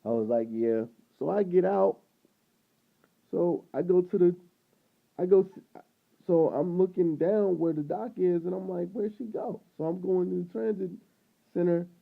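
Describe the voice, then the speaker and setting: A man vlogging, casually retelling a frustrating run-in, rambling and animated, acting out what people said. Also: high voice, moderate pace, gravelly, pauses often. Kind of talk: casual storytelling to camera. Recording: tinny phone-like sound.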